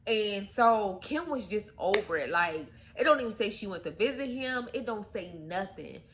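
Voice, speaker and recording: A woman's voice: medium pitch, animated, moderate pace, noisy background. A young adult woman hosting a story time channel, casually retelling a story in a chatty way and addressing viewers directly. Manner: chatty, filled with "like" and "you guys".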